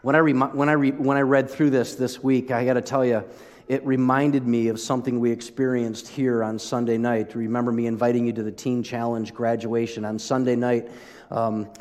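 A man's voice: medium pitch, darkish tone. A man preaching a sermon as pastor, talking conversationally and asking the audience questions. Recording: long hall reverb.

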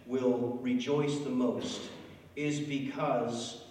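A male pastor preaches with emphatic, storytelling energy, at an ordinary pitch for a man. The sound is distant from the mic, with long hall reverb and a faint noise floor. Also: drawn-out words. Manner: conversational, emphatic, animated storytelling. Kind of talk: sermon.

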